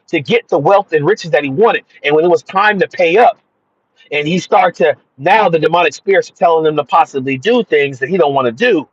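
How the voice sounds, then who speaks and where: A man's voice: on the high side, slightly rough, no echo. A man giving an emphatic, repetitive religious monologue about spirits. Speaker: spiritual commentator. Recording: dull dry lo-fi sound.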